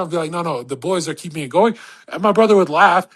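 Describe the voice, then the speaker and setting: Male host, casual audio-chat rant, crude and boastful, husky and a little high. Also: quick pace. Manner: rambling, with many restarts and acted-out quotes.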